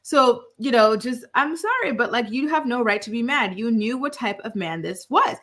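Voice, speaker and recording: A woman's voice: on the high side, lively intonation, normal speed, a bit bright. A woman recapping a reality show in casual commentary, blunt and scornful, rambling on with lots of fillers.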